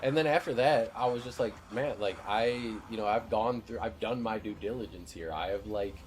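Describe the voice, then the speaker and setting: Low-pitched guy ranting and swearing on a game stream, faint background hum. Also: a little fast. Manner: profane, ranting storyteller. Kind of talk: casual gaming stream chat.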